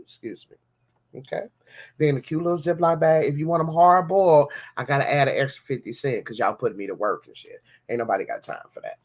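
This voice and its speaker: A woman's voice: lowish voice, moderate pace. A woman hosting a podcast, talking to her listeners in an easygoing, chatty way. She tells her stories with plenty of slang and keeps calling out to them as y'all. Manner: animated storytelling with slang, addressing listeners as y'all. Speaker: podcast host. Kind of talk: casual chat.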